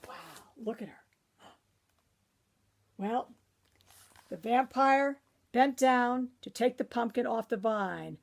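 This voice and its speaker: A woman's voice: on the high side, slow pace, gravelly, pauses often. A woman librarian reading a picture book aloud to children, breaking off for chatty asides to her young listeners.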